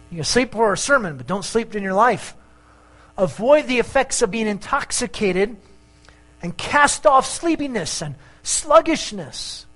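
A male pastor preaching a sermon in an animated way, mixing jokes and asides into his points. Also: sits high, poor audio.

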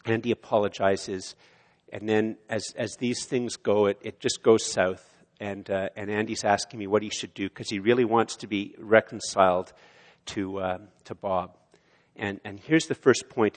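A man preaching a sermon in a church, swelling loud on key lines and dropping low and quiet on others. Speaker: pastor. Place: church sanctuary. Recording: long hall reverb of a church.

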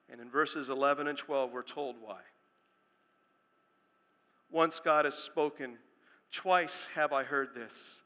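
A man preaching a sermon as pastor, speaking emphatically and building to loud proclamations. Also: medium pitch, steady tone, slow, long pauses, long reverb tail.

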